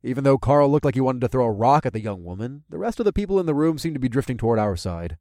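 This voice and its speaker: Brief: male narrator, mid pitch, animated, dry close sound. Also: quick pace, dry recording. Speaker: audiobook narrator. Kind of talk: first-person audiobook narration.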